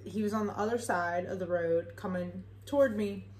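A woman's voice: mid-range voice, moderate pace, darkish tone. Chatty young woman in an echoey room. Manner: chatty, rambling, swears freely, filler-heavy. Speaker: vlogger. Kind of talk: casual storytime.

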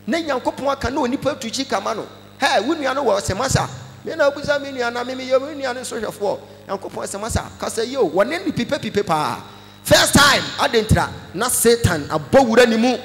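A Ghanaian man preaching a sermon, animated, mixing Twi with English phrases and breaking into shouts. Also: very high-pitched, a little fast, vocal fry, long reverb tail, soft background music. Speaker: pastor.

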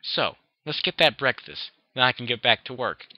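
A man's voice: medium pitch, moderate pace, no echo, highs cut off, close to an everyday voice. A man doing a weary young unicorn mare. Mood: tired. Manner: tired, sighing. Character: weary young female purple unicorn, bookish.

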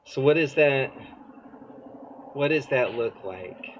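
A man's voice: mid-range voice, lively intonation, slow, slight background noise, low-quality recording. Casual, questioning preacher man outdoors. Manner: casual, conversational, asks the crowd questions. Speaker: pastor. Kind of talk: conversational sermon. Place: outdoor church service.

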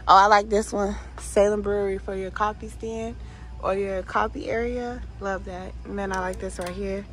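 Walking through a store, a woman chats in a relaxed shop-along vlog, enthusing about holiday decor and reading signs aloud. Her mid-range voice has a fairly bright tone and moderate pace, though the audio is poor.

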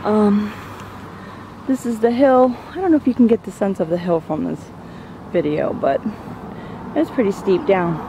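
With a warm, medium-pitched voice, a vlogger speaks at a moderate pace with long pauses during a casual walk up a neighborhood trail. Somewhat out of breath, she rambles chattily and gushes, easily awed by the views. Her handheld camera is at times turned away, with a little hiss or hum in the sound.

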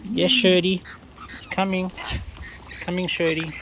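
A woman's voice: on the low side, a little slow, background noise. A woman talking playfully to wild birds outdoors while she feeds them, coaxing and teasing them. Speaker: bird feeder, channel host. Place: outdoors in a yard among feeding birds. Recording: loud squawking birds behind.

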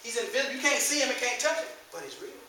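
A man's voice: extremely high pitch, racing, a little hiss or hum. A man preaching a sermon as pastor, mixing casual colloquial talk with scripture reading and calling out to his congregation. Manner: animated preaching with call-outs to the congregation; casual colloquial speech mixed with King James scripture reading. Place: church sanctuary. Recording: echoey church room, distant mic, faint ambience.

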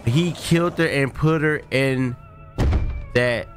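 A man hosting a gaming video, giving casual, slangy let's-play commentary and yelling in fright. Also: mid-range voice, slow pace, soft background music. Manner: excitable, yells in fright, slangy.

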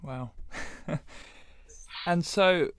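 A man's voice: a little high, very slow, a bit bright, clean tone, dry recording. A male interview host asking questions, a little hesitant with fillers.

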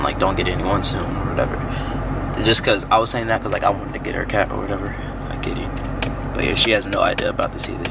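Young man, low voice, casual slangy vlogger; the mic sits far off, with clear street and car noise behind him. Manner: casual slangy, says y'all and finna a lot. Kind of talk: casual vlog talk to camera. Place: in a car and outdoors.

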